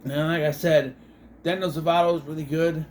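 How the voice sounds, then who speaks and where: A man's voice: on the high side, flat delivery, normal speed, a little mellow, a little hiss or hum. A man giving a rambling, joking movie review with lots of fillers and self-corrections. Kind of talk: casual film review vlog.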